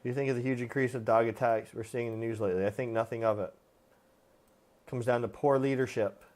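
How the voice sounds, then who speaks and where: This man's mid-range, darkish voice stays steady as he talks quickly on his live stream. A dog trainer, he answers viewer questions about dogs plainly and casually, with frequent fillers.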